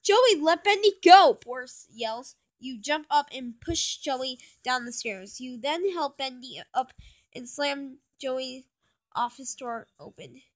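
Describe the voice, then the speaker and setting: A woman's voice: high voice, slow pace. A young woman reading her own fan story aloud, stumbling and restarting often. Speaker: fan fiction reader.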